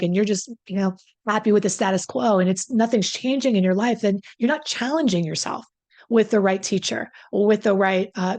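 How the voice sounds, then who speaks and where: A woman's voice: mid-range voice, a little mellow. Chatty woman relationship coach. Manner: conversational, emphatic, self-deprecating asides. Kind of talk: direct-to-camera advice talk.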